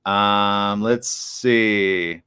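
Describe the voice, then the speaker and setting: A man hosting a live morning talk show, riffing excitably and reading viewer comments aloud. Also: fairly low pitch, extremely slow, clear, resonant tone.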